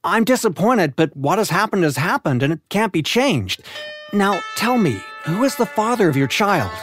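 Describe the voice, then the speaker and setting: A man's voice: high voice, very animated, moderate pace, fairly bright tone, husky, no room sound, faint music behind, exaggerated voice. Someone voicing a cheerful clueless male doctor. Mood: calming.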